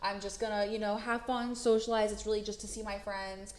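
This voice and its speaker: Young woman on a podcast, animated storyteller, laughs a lot, swears, roomy echo. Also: medium pitch, a little fast. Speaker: podcast co-host. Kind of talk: casual storytelling chat.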